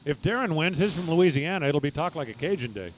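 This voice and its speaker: A man's voice: fairly high pitch, lively intonation, fast talker, slight background noise. A man giving live drag racing commentary, reading times and speeds with folksy, joking asides.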